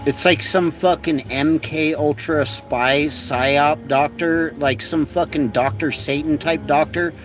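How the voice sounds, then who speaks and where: A man's voice: fairly high pitch, steady tone, slow pace, few pauses. A man hosting a livestream, delivering a rambling, profane, mocking satirical rant. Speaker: livestream host. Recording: distant from mic, faint music.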